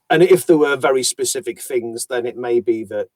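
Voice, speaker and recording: With no echo on the recording, a man of medium pitch speaks animatedly at a moderate pace. He's an audiobook narrator giving a conversational interview, thoughtfully and self-deprecatingly explaining his work at length.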